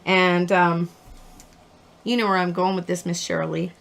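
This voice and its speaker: A woman's voice: fairly low pitch, level tone, moderate pace, gravelly, fairly bright tone. Chatty woman hosting a crafting stream. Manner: chatty, rambling, laughs at her own stories. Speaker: card-making host. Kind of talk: live-stream crafting tutorial.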